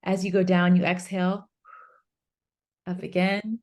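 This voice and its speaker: A woman guest, an author and curriculum instructor, explaining a parenting framework in an interview, earnest and acting out gentle phrases a parent might say. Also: fairly low pitch, level tone, a little slow.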